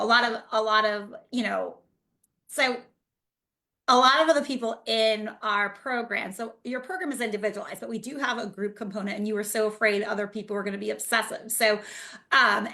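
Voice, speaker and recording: A woman's voice: a little high, vocal fry. A woman hosting an interview as a fitness coach, asking encouraging questions in a casual way. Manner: warm encouraging questions, frequent laughter.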